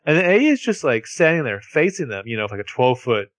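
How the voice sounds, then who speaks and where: Man, medium pitch, lively intonation, dead-dry sound, podcast co-host narrating plot. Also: fast talker, no echo. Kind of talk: casual recap chat.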